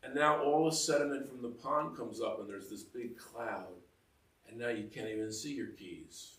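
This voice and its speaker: Man, middle-aged, casual homily, chatty asides, mid pitch, distant mic, echoey hall. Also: normal speed, fairly bright tone. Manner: chatty, self-mocking, full of asides and laughter. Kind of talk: conversational homily. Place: church. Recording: roomy echo, mic heard from a distance.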